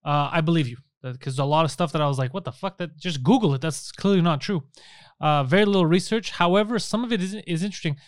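A man's voice: a little high, fast talker, no room sound, studio quality. A young Canadian man chatting casually on a podcast, a profane, mocking storyteller who acts out the people he quotes. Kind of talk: casual chat.

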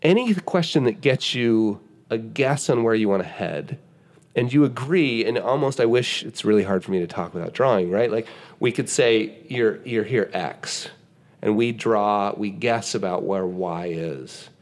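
As a podcast guest, a man with a lowish voice explains ideas in casual conversation at a moderate pace. He tells an animated story, acting out what people said and often restarting his sentences.

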